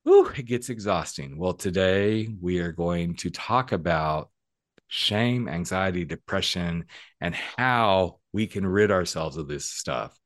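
Expressive man hosting a podcast, deep voice. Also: takes it slowly, no echo, clean studio sound. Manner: animated, emphatic, chatty. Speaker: podcast host and coach. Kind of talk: casual podcast conversation.

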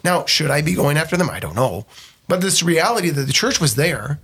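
A man's voice: fairly high pitch, a little fast, slightly rough. A man, a pastor co-hosting a radio talk show, chatting casually about a movie and acting out what people said. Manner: animated, quotes people in voices, frequent fillers. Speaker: pastor and co-host.

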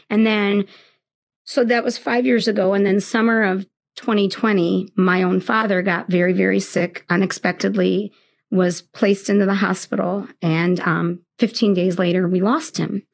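Middle-aged teacher lady, gravelly edge, halting heartfelt story on the radio. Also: on the low side. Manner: earnest, halting, reflective storytelling. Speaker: third grade teacher, guest. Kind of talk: personal faith story in a radio interview.

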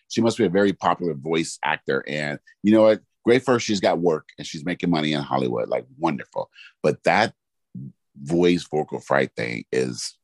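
A man's voice: low-pitched, no room sound. A man co-hosting a casual chat podcast, agreeing animatedly and restarting his sentences often. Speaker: podcast co-host.

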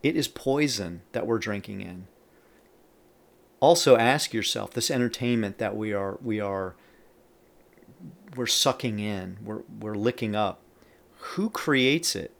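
A man's voice: lowish voice, measured pace, vocal fry, long pauses. A man giving a Bible teaching on a podcast. He reads scripture aloud with added emphasis and stops to comment between verses. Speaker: podcast preacher.

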